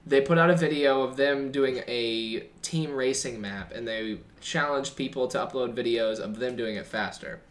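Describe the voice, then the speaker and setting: A man's voice: medium pitch, normal speed, hardly any pauses. A young man co-hosting a podcast, chatting casually, teasing his friend and rattling off computer facts. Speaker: podcast co-host. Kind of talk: casual chat.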